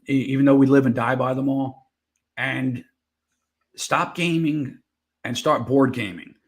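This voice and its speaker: A man talking as a podcast guest, telling a long story in a loose, rambling way and often correcting himself. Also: mid-range voice. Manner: rambling, self-correcting, gravelly. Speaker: guest, veteran board game seller. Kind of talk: casual interview storytelling.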